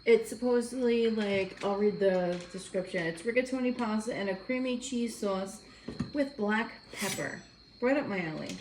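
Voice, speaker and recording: A woman chatting over dinner in a chatty, self-deprecating way at a middle pitch. Her voice echoes in the room. A faint hum sits behind her. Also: moderate pace, a little mellow. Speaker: co-host. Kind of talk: casual chat while eating dinner. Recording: roomy with faint background noise.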